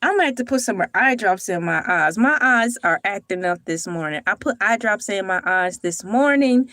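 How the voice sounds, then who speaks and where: A young woman hosting a casual morning livestream, playful and animated as she talks to her chat. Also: medium pitch, normal speed, dry recording. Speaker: livestream host.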